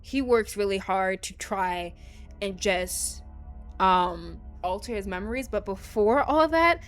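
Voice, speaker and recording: A woman's voice: slow, faint music behind. A woman hosting a let's play, telling a story in a chatty, casual way with lots of "like" and "um". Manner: chatty storytelling, lively jumps in pitch, frequent "like" and "um". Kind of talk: casual gaming commentary.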